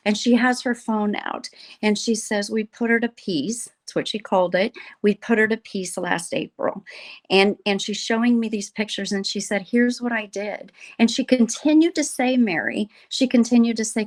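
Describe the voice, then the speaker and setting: Woman guest, middle pitch, earnest and animated storyteller. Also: normal speed. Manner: earnest, animated storyteller who quotes others. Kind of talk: storytelling in a podcast conversation.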